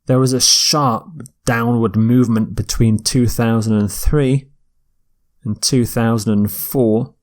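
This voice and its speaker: A man delivers a recorded vocabulary lecture at a slow, measured pace. He explains each word carefully, sometimes stopping to correct himself. His voice sits in a middle pitch. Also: fairly even intonation, darkish tone. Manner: slow, deliberate, with self-corrections. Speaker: English teacher.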